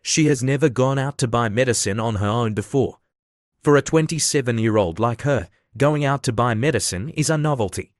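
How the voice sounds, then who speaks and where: A calm young woman laying out her reasoning point by point, as a male narrator reads her lines. She stays even and persuasive. The reading is mid-pitched and the recording is dry. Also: brisk, dry recording, lightly acted. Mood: persuading.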